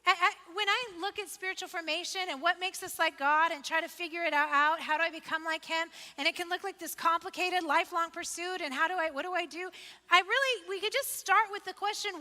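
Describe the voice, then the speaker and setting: A woman's voice: extremely high pitch, a little fast, pushed and bright. A woman pastor preaching a sermon in a conversational, emphatic way, asking questions and repeating phrases for effect. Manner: conversational, asks the listeners questions. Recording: long reverb of a large hall.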